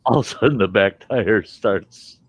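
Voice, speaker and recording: A man hosting a storytelling show, telling a rambling, folksy, animated tale and swearing casually as he goes. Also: on the low side, normal speed, husky, no echo. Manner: animated, folksy, swears casually, chuckles through his tales. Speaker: podcast host.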